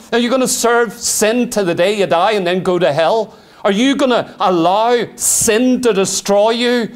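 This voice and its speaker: A middle-aged man preaching a sermon, fervent, full of rhetorical questions and arguing aloud with himself. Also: sits high.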